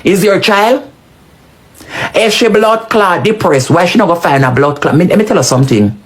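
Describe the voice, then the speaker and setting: A woman with a Jamaican accent giving animated, scolding patois commentary, swinging her pitch up and down for emphasis. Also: brisk. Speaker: social media commentator.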